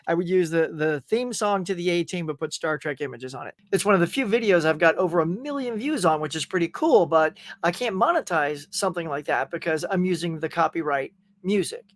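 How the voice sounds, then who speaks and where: A man's voice: a little high, lively intonation, fairly quick, hardly any pauses, no echo. A man hosting a casual interview, talking enthusiastically, laughing often and rambling through his stories. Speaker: podcast host.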